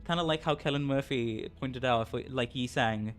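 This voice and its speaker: A male streamer talking casually and reflectively, halting often and swearing, with emotion creeping into his voice. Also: mid-range voice, a bit bright.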